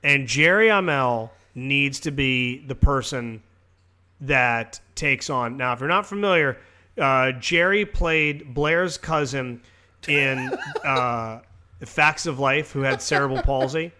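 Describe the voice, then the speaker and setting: A man's voice: medium pitch, slow pace, bright, forceful tone, clean tone. A man co-hosting a wrestling podcast, rambling through crude jokes, swearing freely and laughing at his own bits. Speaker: podcast co-host.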